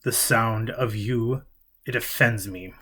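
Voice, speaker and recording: A menacing pale stranger with a harsh, crow-like caw, dropping low and speaking stiffly, stressing every word as though the language were foreign to him. A man reads him aloud in an audiobook. His replies come curt and cold. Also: takes it slowly, sharp tone, exaggerated voice.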